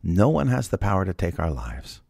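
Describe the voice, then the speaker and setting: A man hosting a devotional Bible podcast, talking in a chatty way and firing rhetorical questions at listeners. His voice is extremely deep, with a gravelly, husky fry. The sound is dry and close, with no room in it. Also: wildly swooping pitch, moderate pace, a little mellow, dry recording. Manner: conversational, rhetorical questions, restarts. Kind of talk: devotional talk and prayer.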